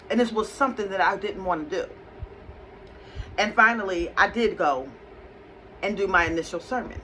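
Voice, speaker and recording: A woman working as a psychic medium, telling a personal story in a conversational, animated way. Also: mid-range voice, normal speed, pauses often, a little hiss or hum, low-quality recording. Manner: conversational, animated retelling with acted quotes.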